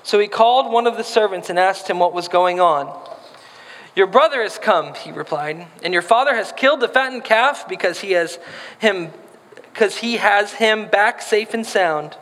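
A man's voice: high voice, normal speed, a bit bright. A man preaching a sermon, reading scripture and then talking casually and playfully, acting out voices in the quotes. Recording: long hall reverb.

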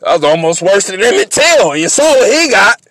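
A man hosting a sports podcast goes on a comic, mocking rant, bouncing between loud outbursts and quiet asides. His delivery is sing-song at a normal speed, and the recording has no room sound.

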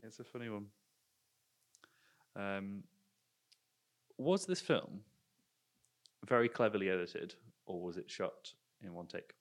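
A man's voice: lowish voice, expressive, takes it slowly, pauses often. A man in a casual film discussion who floats his theories with self-mocking laughter.

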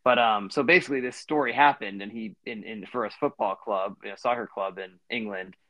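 A man's voice: on the low side, a little fast, no room sound, muffled recording. A man in his thirties co-hosting a podcast, telling a long story in a rambling way with lots of fillers and restarts. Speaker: podcast co-host. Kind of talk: casual storytelling chat.

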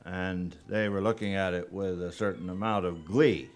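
A man giving a sermon as a guest preacher, unhurried and halting, with frequent pauses and fillers. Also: low voice, fairly even intonation.

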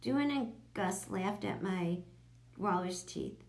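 A woman narrating a children's audiobook in a lively, expressive way. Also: mid-range voice, slow.

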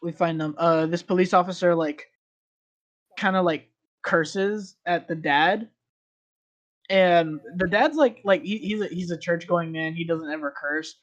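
A man's voice: a little high, measured pace, muffled recording. Man, casual podcast chat, rambling storyteller, lots of ums and likes. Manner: rambling, filler-heavy storytelling.

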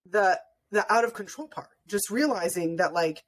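A woman's voice: mid-range voice, expressive, normal speed. A woman hosting a podcast, chatting casually and telling stories as a mother, with many filler words. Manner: chatty, storytelling with frequent "like" fillers. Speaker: podcast host. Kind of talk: casual conversational interview.

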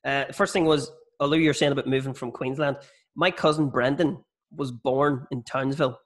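A man's voice: medium pitch, fairly even intonation, fairly bright tone. An Irish man, a stand-up comedian, telling profane stories in casual podcast chat. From Ireland. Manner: quick, profane storytelling.

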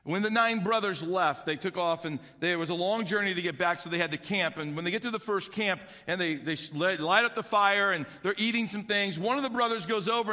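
A man preaching a sermon, telling a Bible story with acted-out voices, swinging between hushed and loud. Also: sits high, long reverb tail. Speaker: pastor.

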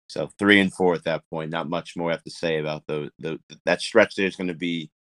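Low-voiced laughing sports podcaster man. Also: moderate pace, dry recording. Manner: animated, laughs often, restarts sentences. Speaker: podcast co-host. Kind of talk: casual sports chat.

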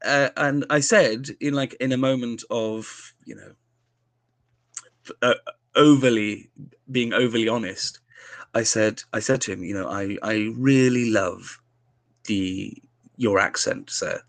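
A man's voice: on the low side, slow pace, creaky, long pauses, no room sound. A young man hosting a casual interview, telling jovial, self-deprecating anecdotes. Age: young adult. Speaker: podcast host.

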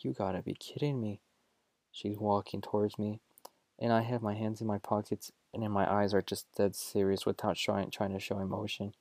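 A young man with a fairly low voice hosts his own show and tells a personal story casually. He jokes, gets animated, and often stops to correct himself. The sound is dry and close, with no room echo. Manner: jokey and animated, with self-corrections. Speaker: show host.

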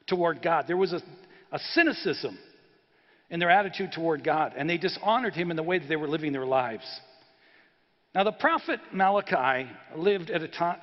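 Pastor preaching, earnest and casual, lots of echo, bit muffled. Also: male voice, on the high side. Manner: earnest, conversational, frequent uh fillers. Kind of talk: sermon. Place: church sanctuary. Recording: reverberant church hall, dull sound.

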